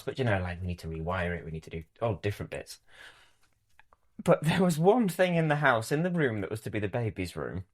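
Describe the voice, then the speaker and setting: Young man, lively animated storyteller. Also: lowish voice. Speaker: podcast host. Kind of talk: casual storytelling.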